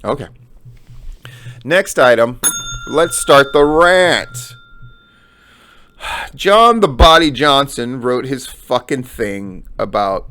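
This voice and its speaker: A man's voice: medium pitch, slow, pauses often. A middle-aged man, hosting a news and commentary show and ranting with heavy swearing. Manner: heavy swearing, emphatic and animated.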